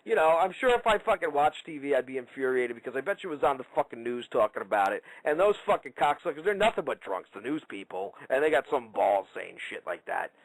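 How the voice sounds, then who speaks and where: A man hosting a fight-talk radio show, his pitch leaping wildly as he rants. His voice is dry and close, with no room sound. He swears nonstop and fires himself up. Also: big pitch swings, quick pace, hardly any pauses, dry recording, poor audio. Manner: loud, ranting, swears constantly. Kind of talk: casual profane chat. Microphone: internet radio call-in line.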